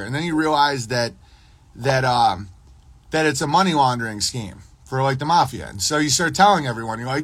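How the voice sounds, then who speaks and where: Male podcast host, slightly high voice, rambling livestream monologue, acts out both sides of quoted exchanges. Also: lively intonation, fairly quick, fairly bright tone, husky, no echo.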